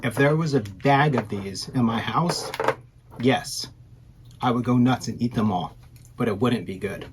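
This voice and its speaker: A man's voice: medium pitch, measured pace, background noise. A man in his thirties co-hosting a casual podcast, rambling and self-deprecating, often trailing off mid-sentence. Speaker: podcast co-host. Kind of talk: casual chat.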